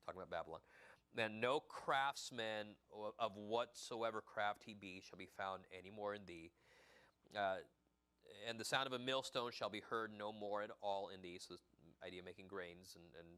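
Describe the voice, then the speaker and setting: A man's voice: lowish voice, fairly bright tone, clear, resonant tone. A man preaching a midweek sermon in a loose, conversational way, often restarting his sentences. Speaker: pastor.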